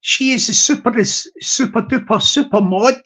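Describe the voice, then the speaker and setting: A man's voice: extremely high pitch, normal speed, fairly bright tone. A man chatting to his live stream audience in a rambling, teasing way, repeating himself and restarting.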